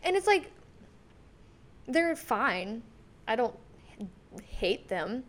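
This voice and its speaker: A young woman co-hosting a podcast, chatting casually about music with lots of "like" and quick giggles. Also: on the high side, sing-song. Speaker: podcast co-host.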